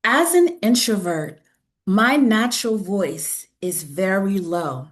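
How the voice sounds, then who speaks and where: Woman running a zoom webinar, talks real slow, calm teacher voice, repeats stuff. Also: medium pitch. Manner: enthusiastic teacher voice. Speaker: webinar host. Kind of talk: guided breathing and lecture. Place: home video call.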